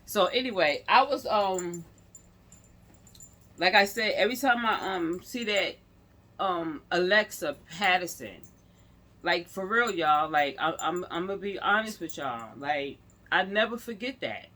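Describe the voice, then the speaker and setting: Slow-talking woman with a bright, tense voice. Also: fairly low pitch, lively intonation. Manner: chatty, speaks to viewers directly; rambling, full of restarts. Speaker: vlogger telling a story. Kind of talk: casual storytime vlog.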